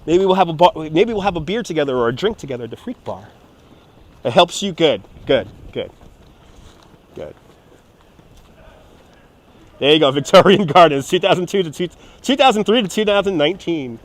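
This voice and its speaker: This streamer has a slightly high voice with lively intonation, speaking at a normal speed and leaving long pauses. He walks around an amusement park livestreaming from a phone on a handheld gimbal, rambling, cursing, laughing and reading his viewers' chat aloud.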